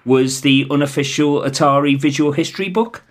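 A man's voice: on the high side, moderate pace. A man with a Scouse accent, co-hosting a podcast in casual, rambling chat. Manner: chatty, rambling with restarts. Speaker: podcast co-host.

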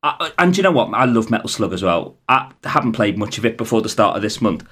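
A man's voice: lowish voice, very animated, fast talker, a bit bright, a little hiss or hum. A man with a Scouse accent, co-hosting a podcast in casual, rambling chat. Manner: chatty, rambling with restarts. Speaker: podcast co-host.

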